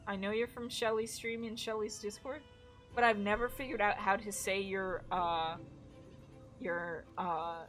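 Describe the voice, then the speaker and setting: A woman streaming a video game, chatting excitedly with a co-player and viewers, swearing now and then. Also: medium pitch, a little slow. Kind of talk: casual gaming stream chat. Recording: game music behind.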